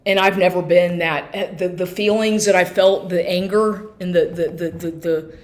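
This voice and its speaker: A woman recording herself on a phone at home, telling an emotional personal story in an agitated, halting way with many restarts and swearing. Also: lowish voice, steady tone. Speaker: vlogger. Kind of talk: emotional personal account to camera. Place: at home, inside and on the porch.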